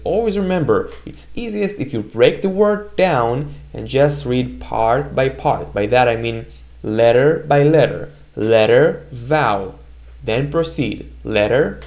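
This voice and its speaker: A man gives a slow, patient Hebrew reading lesson, drilling sounds slowly so the learner can echo them and often checking in with "right?" as he goes. His mid-range voice has lively intonation and a darkish tone.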